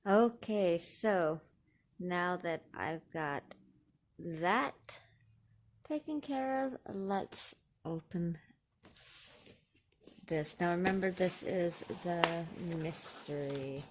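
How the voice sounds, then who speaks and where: A woman, chatting excitedly to viewers while unboxing craft supplies. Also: fairly low pitch, drawn-out words, long pauses. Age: 40s. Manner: gushing, excitable, talks to viewers. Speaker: crafting vlogger. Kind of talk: casual unboxing commentary.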